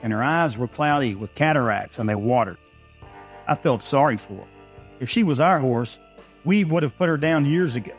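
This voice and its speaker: A man narrating a first-person ranch story in a dry, folksy way, with a Texan accent. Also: medium pitch.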